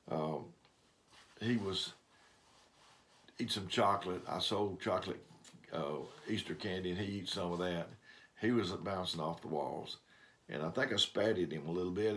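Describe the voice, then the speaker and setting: An older man giving a folksy devotional talk, telling homespun stories in a rambling way. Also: sits low. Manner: rambling storyteller, homespun grammar. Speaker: preacher.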